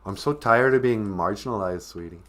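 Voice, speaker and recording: A man's voice: fairly low pitch, moderate pace, fairly bright tone. A man hosting a comic live-stream podcast, teaching language phrases in a joking, self-mocking way. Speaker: podcast host teaching Ojibwe.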